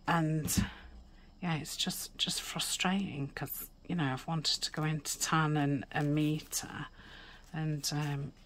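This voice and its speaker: A woman chatting casually while crafting, rambling with many fillers and dropping into soft whispered asides. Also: low-pitched, flat delivery, slow. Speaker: crafting vlogger.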